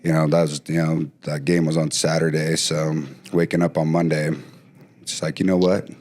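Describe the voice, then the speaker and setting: A man talking as a podcast guest, telling stories casually with lively bursts and frequent restarts. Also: very deep voice, moderate pace. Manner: animated, trails off and restarts often. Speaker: podcast guest, former pro football player. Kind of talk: casual storytelling.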